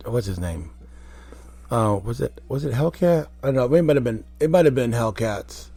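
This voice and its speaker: A man, a former wrestler, telling rambling, animated stories in a casual interview. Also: medium pitch, normal speed, creaky, slightly rough, dry recording. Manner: rambling, animated anecdotes with quoted voices.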